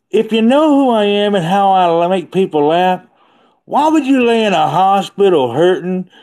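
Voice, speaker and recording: A man's voice: on the high side, darkish tone. A man hosting a casual livestream from his phone, rambling and chatty and laughing often. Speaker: livestream host.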